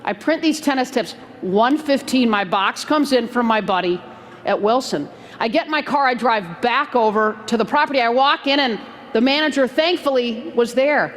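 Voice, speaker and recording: A woman giving a motivational keynote talk, telling a story in a lively, conversational way and acting out the dialogue. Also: on the high side, normal speed. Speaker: keynote speaker. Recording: long hall reverb, faint noise.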